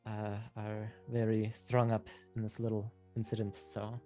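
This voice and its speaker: A man voicing a measured, formal official. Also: lowish voice, monotone, warm tone, faint music behind, lightly acted.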